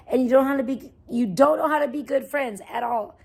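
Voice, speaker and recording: A woman livestreaming, ranting in a profane, defensive way that swings between muttering and loud outbursts. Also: high voice, fairly quick, gravelly, few pauses. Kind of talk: casual livestream rant.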